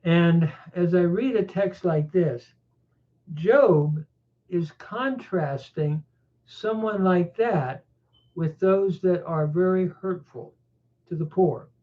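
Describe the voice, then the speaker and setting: A man teaching a Bible chapter verse by verse, reflective and unhurried, pausing often with small fillers. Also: sits high. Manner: reflective, with frequent pauses and fillers. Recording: tinny phone-like sound.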